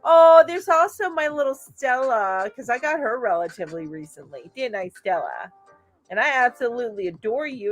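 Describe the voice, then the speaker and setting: A woman hosting a casual crochet live stream, reading viewer comments aloud and chatting in a gushing way with lots of fillers. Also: fairly high pitch. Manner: gushing and chatty, coos over her pet, many fillers. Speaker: host of a weekly crochet live chat.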